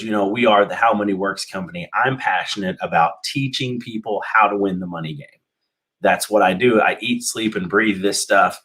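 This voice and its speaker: A man's voice: on the low side, a bit bright. A man hosting a local radio talk show, slightly out of breath, rambling with many fillers and restarts. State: a little out of breath. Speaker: host.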